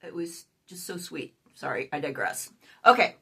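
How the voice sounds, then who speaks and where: A woman's voice: sits low, very animated, moderate pace, creaky, bright, forceful tone, husky. A woman in her sixties telling a dating story to camera, outspoken and exasperated, swearing now and then. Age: 60s. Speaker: vlogger.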